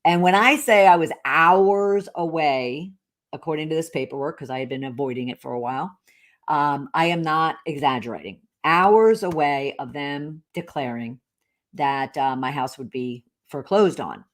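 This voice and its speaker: A woman with a notably low-pitched voice tells a personal story as a podcast host. She talks candidly and rambles, full of fillers and restarts. She sounds middle-aged. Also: normal speed.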